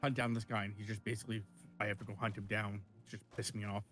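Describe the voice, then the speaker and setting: A man's voice: fairly low pitch, level tone, fast talker, a bit bright, soft background music. Rambling man telling a story mid-game. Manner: rambling storyteller, swears when annoyed. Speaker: co-op gaming streamer. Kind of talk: casual chat while gaming.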